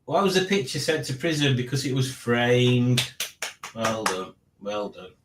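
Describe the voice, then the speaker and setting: Male stream host, rambling and dry-humoured, mid pitch, roomy home room. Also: measured pace, background noise. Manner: rambling, dry playful teasing, reading chat aloud. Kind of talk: casual live stream chat.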